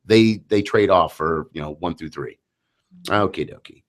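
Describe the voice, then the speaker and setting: A man in his thirties with a low voice hosts a radio talk show. He chats casually, tells anecdotes and slips into voices for the people in them. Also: normal speed. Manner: chatty, storytelling, acts out voices in anecdotes.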